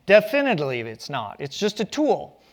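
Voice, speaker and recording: A man with a high voice delivers a public lecture from the stage of a community arts center, speaking at a normal speed with huge swings in pitch. His delivery is joking, playful storytelling.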